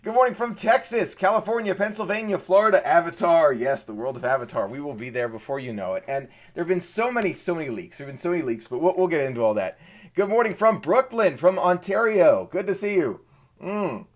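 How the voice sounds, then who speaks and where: A man from Maryland hosting a live stream, casually chatting and greeting viewers. He sounds eager and excitable and often repeats words. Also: fairly high pitch, fairly quick.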